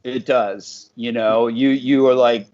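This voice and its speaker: A male radio host chats with his guest, effusive and a little halting, filling gaps with fillers. His voice sits mid-range, heard over a dull, lo-fi line. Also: medium pitch, fairly even intonation, a little mellow. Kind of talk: interview conversation.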